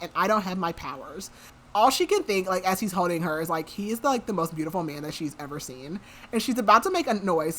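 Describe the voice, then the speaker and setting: A woman's voice: mid-range voice, a bit bright. A woman podcast host casually retelling a novel's plot, quoting the characters in her own everyday voice with lots of "like.". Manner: chatty, quotes characters in her own voice, frequent "like". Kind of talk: casual book recap.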